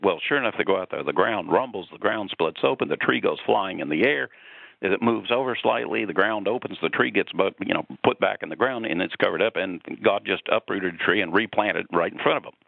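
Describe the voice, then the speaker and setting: A man calling in as a guest, telling a long story with lively energy. His low voice has a gravelly texture and a dry sound. It comes through a narrow, phone-like line. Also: a little fast, dry recording. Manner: animated storyteller. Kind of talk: casual radio conversation.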